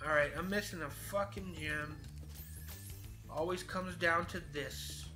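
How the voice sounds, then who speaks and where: Over music, a twenty-something man gives loose let's-play commentary on a game he's playing, cursing and rambling chattily. His voice is a little high and his delivery a little slow.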